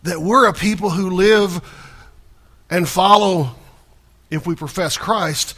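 A man's voice: sits high, takes it slowly, a bit bright, slightly rough. A male pastor preaching a sermon in a conversational, folksy way, often restarting and repeating small words.

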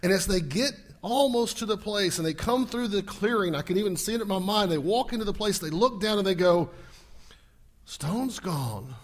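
With a high-pitched voice, this male pastor preaches briskly and with few pauses. He tells the story vividly, acts out scenes, shouts at the peaks, and uses rhetorical questions to check in with the congregation.

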